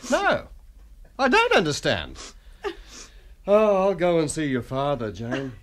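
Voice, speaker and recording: An actor playing a joking young Australian husband in a scripted radio drama for English learners. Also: male voice, fairly high pitch, huge pitch swings, slow pace, a bit bright, exaggerated voice. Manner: teasing, jokey.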